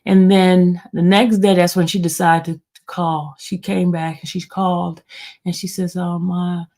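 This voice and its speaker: Gravelly-voiced woman chatting to viewers. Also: lowish voice, level tone, unhurried, a little mellow. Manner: emotional, addresses viewers as y'all. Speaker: livestream host. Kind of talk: casual chat to viewers.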